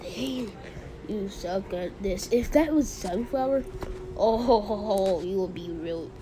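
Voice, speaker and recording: A woman voicing a grumpy, teasing Cactus plant in a low, mocking mutter over loud music. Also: lively intonation, slow pace, background noise.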